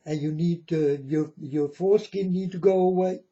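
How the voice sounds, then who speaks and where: A man's voice: a little high, fairly even intonation, normal speed, warm tone. A man hosting his own channel, delivering a blunt, scornful, preachy ranting monologue. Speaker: channel host. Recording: dull lo-fi recording.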